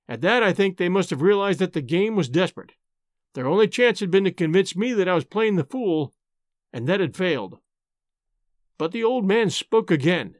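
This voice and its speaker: A man narrating an adventure story aloud with expressive, dramatic delivery and hosting the show. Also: sits high, moderate pace, no echo, studio quality. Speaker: audiobook narrator and host.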